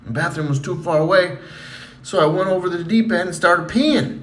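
A man voicing a cheeky, mischievous little boy in a raised, excited voice. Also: sits high, brisk, a little hiss or hum, pitched above the performer's own voice, close to an everyday voice.

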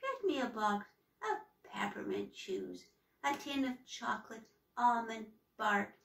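A woman voicing a hulking, sinister woman in gray robes, with a slow, raspy, menacing whisper, in an echoey room. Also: a little high, animated, far from the mic, slight background noise.

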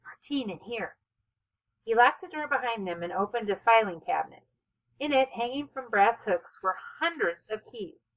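A woman reading a children's novel aloud as narrator, with expressive, steady storytelling. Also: on the high side, normal speed, highs cut off. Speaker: audiobook narrator. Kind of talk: scripted narration.

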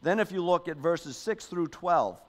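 A man's voice: fairly high pitch, animated, measured pace. A man, a pastor, giving a sermon in a conversational style, often adding "okay?" and "you know", and reading scripture aloud with emphasis.

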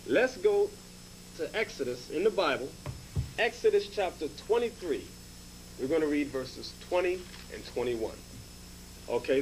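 High-voiced man teaching scripture. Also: a little hiss or hum, low-quality recording. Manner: explanatory, repeats points, prompts "read". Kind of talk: Bible lesson, directing a reader.

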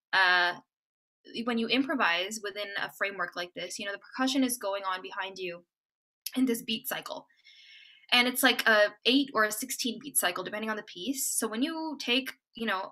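Bright-voiced woman giving a casual video-call lecture. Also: on the high side. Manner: chatty, full of "like" and "um". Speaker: music lecturer.

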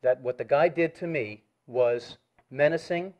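A man's voice: mid-range voice, a little mellow. A man on a recorded phone call, formally reading out a written complaint and pressing his point. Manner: measured, formal, reads a written statement.

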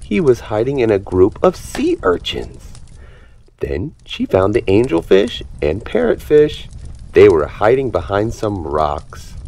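Male storybook reader, low voice, very lively intonation, animated read-aloud for toddlers. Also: measured pace, gravelly. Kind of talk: reading a children's picture book aloud.

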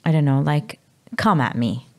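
A Maltese woman in her thirties, speaking candidly as a podcast guest, halting and sometimes dropping to a whisper. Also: deep voice, creaky, a little mellow. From Malta. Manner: halting, drops to a whisper at times. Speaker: guest, mother.

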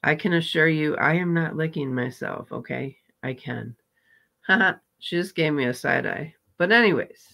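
A woman hosting a live reaction stream, greeting viewers and chatting casually about her day. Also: sits low. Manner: warm greetings, laughs at clips, slow and chatty.

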